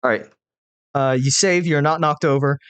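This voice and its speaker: This is a man running a tabletop game, describing attacks and damage in a casual, rambling way with lots of filler words. His voice sits slightly on the higher side for a man. The recording is close and dry, with no room sound. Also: fairly even intonation, moderate pace, fairly bright tone, clean tone, dry recording. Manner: casual, loose narration with many fillers. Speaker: game master.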